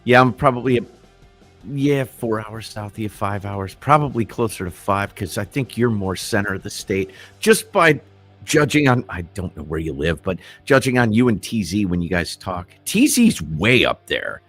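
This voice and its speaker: A man chatting excitedly and rambling on a livestream, swearing freely, with faint music underneath. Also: fairly low pitch, moderate pace. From US Midwest. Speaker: livestream co-host. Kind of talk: casual chat.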